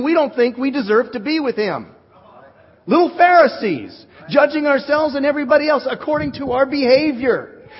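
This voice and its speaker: A male pastor preaching an animated sermon, joking with his congregation. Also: very high-pitched, husky. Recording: dull recording in a reverberant hall.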